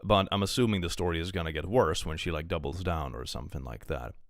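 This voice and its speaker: A man's voice: sits low, fast talker, dry recording, clean studio sound. A young man reading online posts aloud on a live stream and ranting about them, swearing freely. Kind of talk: casual live-stream commentary.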